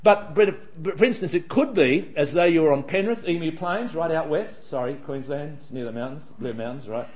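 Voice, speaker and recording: A man's voice: fairly high pitch, lively intonation, fairly quick, hardly any pauses, darkish tone. A man giving a chatty, digressive Bible study talk with frequent restarts.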